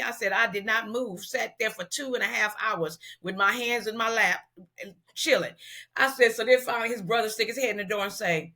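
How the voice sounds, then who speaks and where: Animated storytelling woman, bright voice. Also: a little high, brisk. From South Central Los Angeles, US. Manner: animated, acts out dialogue, slangy. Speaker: celebrity hairstylist, guest. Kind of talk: casual storytelling in an interview.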